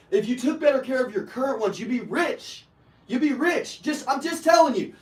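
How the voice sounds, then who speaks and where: High-voiced, brash male sales coach. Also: echoey room, distant mic, poor audio. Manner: brash, profane, fired-up coaching, bursts into shouting. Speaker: sales trainer. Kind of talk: live motivational sales training. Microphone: online video call.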